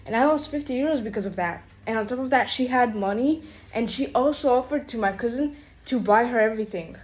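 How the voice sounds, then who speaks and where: A woman's voice: on the high side, brisk. A woman telling a rambling, exasperated storytime rant, full of "like" and "bro" fillers. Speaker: vlogger.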